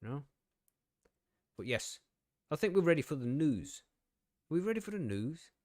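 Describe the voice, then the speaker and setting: A man's voice: a little high, sing-song, moderate pace, a little mellow, dry recording, studio quality. Chatty man hosting a stream. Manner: rambling and self-deprecating, swears often, laughs easily. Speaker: podcast host. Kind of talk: casual live-stream chat.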